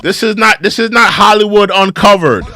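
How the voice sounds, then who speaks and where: A man's voice: sits high, normal speed, pushed and bright. A man hosting an opinion show, giving critical commentary on clips and repeating his phrases for emphasis.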